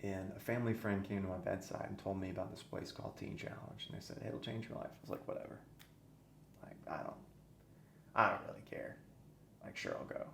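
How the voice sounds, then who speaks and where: Guy telling his story on a podcast, low-ish voice, real intense, drops almost to a whisper, echoey room w faint hiss. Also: fairly even intonation, a little fast, gravelly, a bit bright. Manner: earnest and intense, dropping to near-whispers. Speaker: podcast guest.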